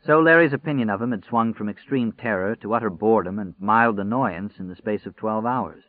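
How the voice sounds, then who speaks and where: A man narrating an audiobook in a measured, deliberate reading. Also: lowish voice, no room sound. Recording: dry, phone-like narrow sound.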